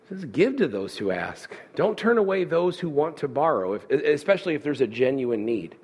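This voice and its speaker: A man preaching a sermon with animated delivery who voices the listeners' objections as questions. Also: a little high, normal speed, slightly rough. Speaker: pastor.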